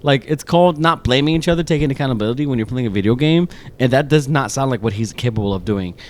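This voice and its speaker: A man's voice: medium pitch, quick pace. A man co-hosting a podcast in casual chat, telling a rambling story full of swearing. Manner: animated, rambling, swears a lot. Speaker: podcast co-host.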